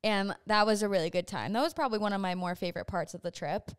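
A woman's voice: mid-range voice, fast talker, smooth, dry recording, studio quality. A young woman hosting a casual chat with her mom, chatty and often laughing. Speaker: host.

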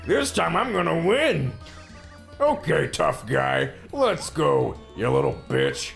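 A man's voice: fairly high pitch, very animated, slow pace, a bit bright, exaggerated voice. A man voicing a brash villainous male turtle king who taunts crudely and gloats. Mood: gloating. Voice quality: gravelly, gloating. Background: game music.

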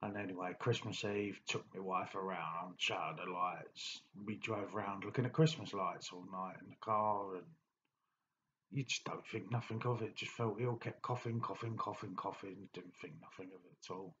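Man, lowish voice, blunt diary talk full of ums, dull lo-fi recording with faint noise. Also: steady tone, a bit bright. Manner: blunt, plain-spoken, halting with many fillers. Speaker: diary vlogger. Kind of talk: personal diary monologue.

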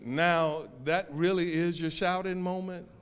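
A male pastor preaching a sermon, swinging between loud calls and hushed, drawn-out lines. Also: sits high, flat delivery. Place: church sanctuary. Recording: reverberant church sanctuary.

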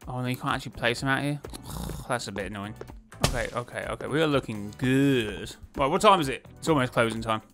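A man talks through his game in a loose, excitable way, muttering plans to himself and breaking into laughs. His voice sits at an ordinary middle pitch. Faint music plays underneath. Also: brisk. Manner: chatty, excitable, self-talking with laughs. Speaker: gaming YouTuber. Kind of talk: casual gameplay commentary.

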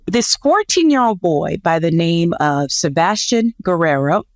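Lively chatty woman podcast host. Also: on the low side, a little slow, no echo. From United States. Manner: animated, laughing, chatty and self-deprecating. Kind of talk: casual storytelling chat.

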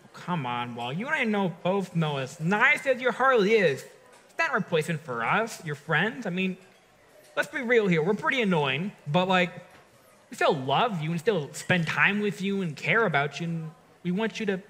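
A man's voice: high-pitched, big pitch swings, normal speed, pushed and bright, exaggerated voice. A man acting an earnest, caring friend in a church stage drama, frank and heartfelt. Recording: reverberant hall sound.

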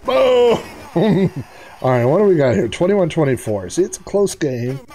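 With a slightly high voice at a measured pace, a man provides casual, excitable commentary for a retro gaming video and chats to the players on screen. Slight background noise can be heard.

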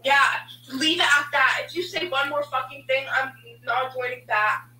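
A woman's voice: high-pitched, steady tone, normal speed, bright, forceful tone. A woman in a heated argument on a video call, insistent and argumentative, pressing her point again and again. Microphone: video call audio. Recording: echoey room, faint noise.

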